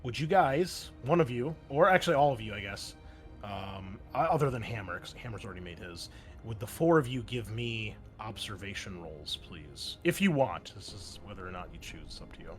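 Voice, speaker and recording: A man narrating a tabletop role-playing game as game master, pausing often with fillers and restarts. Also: lowish voice, animated, faint music behind. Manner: halting, many fillers and restarts.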